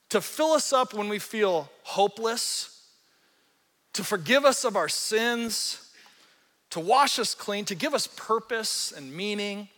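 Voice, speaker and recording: A man pastor preaching a sermon in an animated, earnest storytelling way, acting out the quotes he tells. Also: sits high, long reverb tail.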